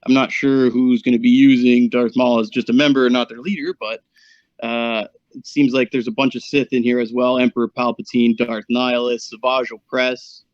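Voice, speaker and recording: A man's voice: medium pitch, flat delivery, normal speed, no room sound. A man co-hosting a gaming show, hesitantly going through statistics with many fillers. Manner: hesitant, many fillers while reading stats. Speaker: co-host giving the meta report. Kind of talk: casual gaming commentary. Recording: dull, dry lo-fi mic.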